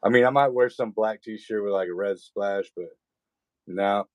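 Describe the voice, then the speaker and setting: A man's voice: lowish voice, moderate pace, darkish tone. A man guesting on a livestream, telling laid-back stories, laughing and mimicking voices. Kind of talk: casual chat.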